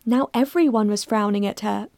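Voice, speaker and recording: A woman narrating a mystery story in a steady, measured reading voice. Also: mid-range voice, dry recording, clean studio sound. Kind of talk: scripted narration.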